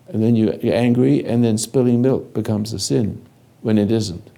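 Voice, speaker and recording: An older man giving a slow, halting spiritual lecture, speaking directly to a listener in a commanding way. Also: fairly low pitch, steady tone, creaky, dark tone. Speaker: spiritual teacher.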